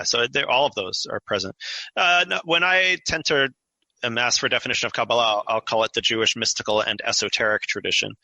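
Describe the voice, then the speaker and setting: Bright, dry-sounding man explaining eagerly. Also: fairly low pitch, creaky, no echo, low-quality recording. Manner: animated, explanatory, laughs often. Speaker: author and guest. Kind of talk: conversational interview.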